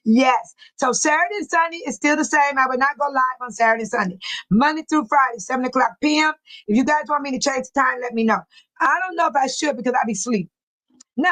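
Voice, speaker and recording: High-voiced chatty older woman host. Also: fairly bright tone, dry recording, poor audio. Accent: Chicago-area American English. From United States. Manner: chatty, laughs often, reads viewer comments aloud. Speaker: livestream host. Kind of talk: casual livestream chat.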